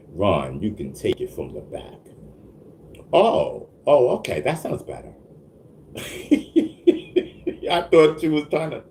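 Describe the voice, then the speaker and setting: A man's voice: fairly high pitch, darkish tone, slight background noise. A man hosting a casual livestream, answering his chat with stammered restarts, frequent laughter and repeated check-ins with the viewers. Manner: stammering restarts, frequent laughs, keeps asking "you know what I mean".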